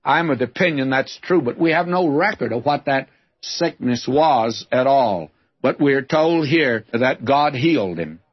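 A man's voice: medium pitch, breathy edge, no echo. An older man teaching through the Psalms in a radio Bible lesson, reading verses with rising emphasis, on a dull old recording. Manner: lively, reads scripture with rising emphasis.

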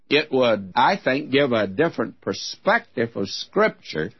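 A man's voice: mid-range voice, slightly rough, dry recording. An older man teaching through the Psalms in a radio Bible lesson, reading verses with rising emphasis, on a dull old recording. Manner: lively, reads scripture with rising emphasis.

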